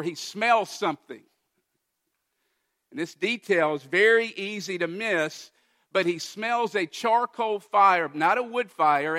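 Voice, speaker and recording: A man preaching a sermon, retelling a Bible passage with lively, emphatic quoted dialogue. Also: a little high. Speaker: pastor.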